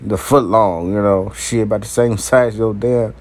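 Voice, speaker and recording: A man delivering a raw, uncensored monologue to his viewers, brash, profane and animated, breaking into laughter. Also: lowish voice, moderate pace. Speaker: vlogger.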